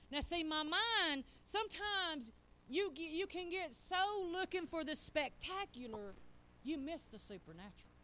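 Lively woman preacher. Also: a little high, a little hiss or hum. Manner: animated, folksy, acts out quotes. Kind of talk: storytelling sermon.

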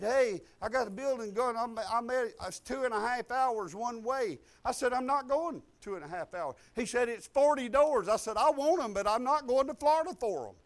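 An older man preaching a sermon, folksy and exuberant, breaking into loud outbursts. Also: extremely high pitch. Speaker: pastor.

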